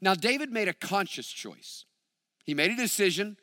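A man preaching a sermon as a pastor, reading scripture and stressing key phrases with deliberate emphasis. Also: sits high, big pitch swings, pushed and bright, no room sound, studio quality, in a large hall.

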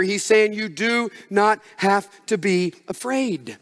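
High-voiced man preaching in a reverberant hall. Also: measured pace. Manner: conversational, animated preaching with acted asides. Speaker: pastor. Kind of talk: sermon.

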